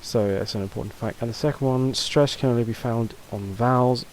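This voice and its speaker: A man's voice: mid-range voice, brisk, a little mellow, a little hiss or hum, rough recording. A man teaching a casual video lesson, talking loosely with fillers and restarts. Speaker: language teacher.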